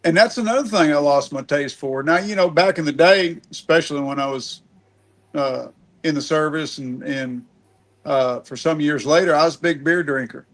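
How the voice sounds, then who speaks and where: A middle-aged man with a fairly high voice hosts a relaxed podcast conversation. He talks in a folksy, meandering way and restarts his sentences as he goes. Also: moderate pace. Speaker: podcast host. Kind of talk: casual podcast chat.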